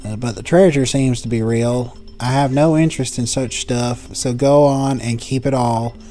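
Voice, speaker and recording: A man's voice: medium pitch, fairly even intonation, moderate pace, dark tone, faint music behind, natural voice. A man voicing a doddering elderly male ghost-hunting professor with a folksy drawl, reading game dialogue aloud. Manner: folksy drawl, trails off mid-story.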